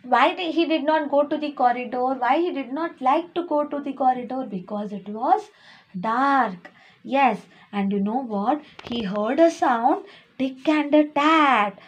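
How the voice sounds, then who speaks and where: A woman's voice: sits high, unhurried, slightly rough. A woman teacher reading a story lesson to young children, explaining words and checking in with "okay?".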